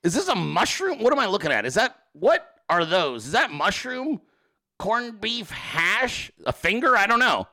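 Hardly pausing, this man talks a little fast in a high, bright, forceful voice whose pitch swoops wildly. He's hosting a casual livestream, mocking viewer pictures with profane sarcasm directed at the audience.

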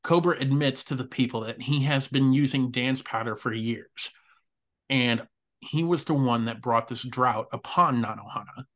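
A man's voice: medium pitch, normal speed, a bit bright. A man hosting a casual anime recap podcast, laughing often and swearing casually. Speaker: podcast host.

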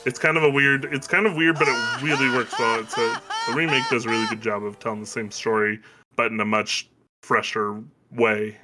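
Bright-voiced man rambling casually. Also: mid-range voice, fairly even intonation, moderate pace, soft background music. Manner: rambling, self-deprecating, laughs often. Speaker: podcast host. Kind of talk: casual chat.

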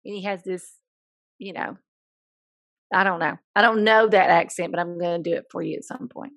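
A woman with a Southern US accent co-hosts a casual podcast. She chats playfully, throwing in jokes and quick asides. The sound is dry and close-miked. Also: fairly low pitch, steady tone, gravelly, fairly bright tone, no room sound. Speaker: podcast co-host, school counselor. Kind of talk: casual chat.

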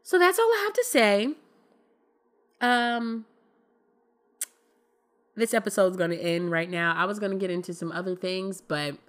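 A woman with a bright, clear voice talks straight into her own podcast. She is candid and emphatic and uses colloquial phrasing. Her delivery is relaxed but insistent. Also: on the low side. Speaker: podcast host. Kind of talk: casual opinion commentary.

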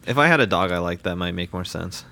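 Young male co-host, lowish voice, rambling casual delivery with constant fillers. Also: expressive, fast, vocal fry, bright, forceful tone. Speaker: podcast co-host. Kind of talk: casual chat.

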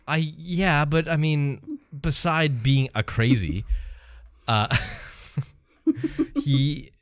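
A woman's voice: low-pitched, very animated, very slow, no echo. A woman co-hosting a casual movie podcast, teasing her co-host in a dry way.

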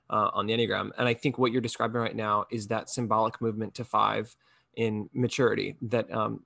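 A man's voice: lowish voice, gravelly, a bit bright, dry recording, studio quality. A man hosting a conversation, explaining ideas in a reflective way with frequent fillers. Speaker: host. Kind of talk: conversational podcast talk.

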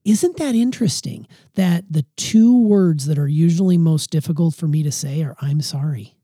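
Podcast dad, low dark husky voice, dry close mic, candid and jokey. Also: male voice, moderate pace, no room sound. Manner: candid, self-deprecating, playful. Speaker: podcast host. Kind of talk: casual family podcast chat.

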